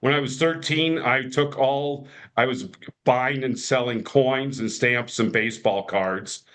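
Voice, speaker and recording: A man's voice: mid-range voice, fairly even intonation, a little slow, fairly bright tone. A man in his fifties, a podcast guest, telling stories with many restarts and fillers and acting out quoted voices. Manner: rambling, frequent restarts and fillers. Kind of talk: casual storytelling.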